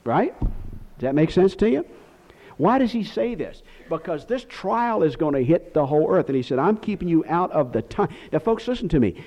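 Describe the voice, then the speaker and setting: A man's voice: a little high, sing-song, normal speed, a little mellow. A man teaching a Bible lesson in sermon style, emphatic and full of rhetorical questions. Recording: dull lo-fi recording.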